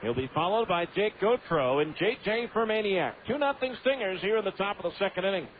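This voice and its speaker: A man calling a baseball game on the radio in steady play-by-play, full of stats. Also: high-pitched, fairly quick. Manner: steady, stat-heavy narration. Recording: tinny AM radio broadcast with faint hiss.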